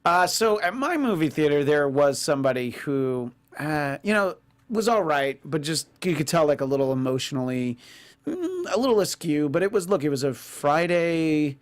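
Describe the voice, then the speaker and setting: Animated man telling stories, lively pitch. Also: moderate pace. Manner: animated storyteller, mimics people in high squeaky voices. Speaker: podcast host. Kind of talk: casual chat.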